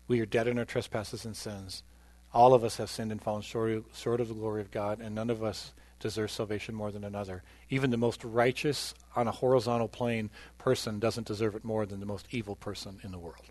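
This pastor speaks briskly in a fairly low, level tone while sharing his testimony from the pulpit. He is earnest, moving between loud emphasis and quieter moments, and the recording is dry.

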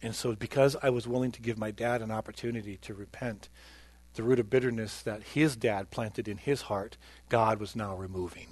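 Man, pastor, earnest sermon testimony, lowish voice, dry close sound. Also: fairly even intonation, normal speed, no echo. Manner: earnest, swings between loud emphasis and quiet.

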